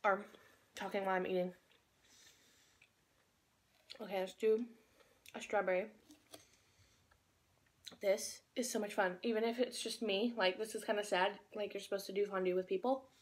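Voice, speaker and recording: A woman's voice: medium pitch, steady tone, normal speed, long pauses. A young woman vlogging into her phone, chatting in a bubbly, rambling way and talking with her mouth full while she eats. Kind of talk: casual chat while eating.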